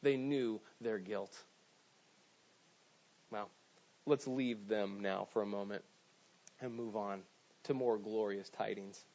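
A man's voice: on the low side, fairly even intonation, slow pace, pauses often, darkish tone. A male pastor preaching a conversational sermon, often repeating words and asking "right?". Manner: conversational preaching, many restarts and "right?" asides. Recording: dull lo-fi sound.

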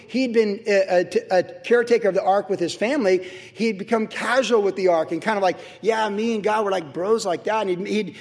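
Middle-aged pastor, emphatic conversational preacher, high voice, sermon in a reverberant sanctuary. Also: male voice, darkish tone. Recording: long reverb of a large hall.

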